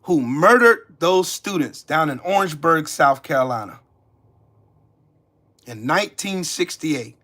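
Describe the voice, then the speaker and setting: Furious cursing man, sharp forceful voice. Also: on the high side, animated, a little slow. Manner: heated, cursing, accusatory, repeating lines. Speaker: channel host. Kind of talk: angry profane rant to camera.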